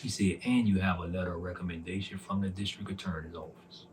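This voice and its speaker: Low-voiced man telling his testimony. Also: fairly even intonation, quick pace, slight background noise. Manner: recounts dialogue by voicing both sides, soft and earnest. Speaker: testimony speaker. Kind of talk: personal testimony storytelling.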